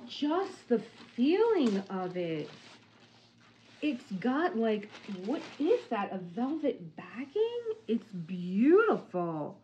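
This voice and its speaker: A woman hosting a casual unboxing vlog at home, gushing and softly exclaiming as she talks into a phone on a tripod. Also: on the high side, wildly swooping pitch, slow pace, muffled recording. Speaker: crafting channel host.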